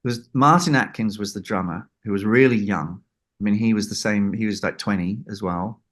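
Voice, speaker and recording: A man's voice: fairly low pitch, fairly quick, fairly bright tone. A man, a record producer, telling a story in an interview and acting out the people he quotes. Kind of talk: anecdote in an interview.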